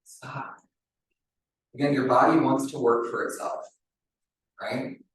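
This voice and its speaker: A man's voice: mid-range voice, fairly even intonation, normal speed. A man leading a live wellness demonstration for a group, talking casually and checking in with "right?" after many phrases. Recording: very echoey room, mic far off.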